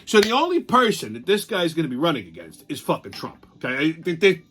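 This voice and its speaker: High, bright-voiced man in a heated rant. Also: huge pitch swings, a little fast, breathy edge. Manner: heated, sarcastic, heavy swearing. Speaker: show host. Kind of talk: profane political rant.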